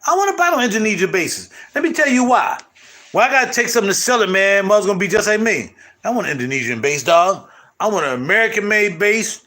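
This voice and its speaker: A middle-aged man hosting his channel, chatting casually to viewers in loud, animated, slangy street talk. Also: sits high, fast. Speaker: channel host.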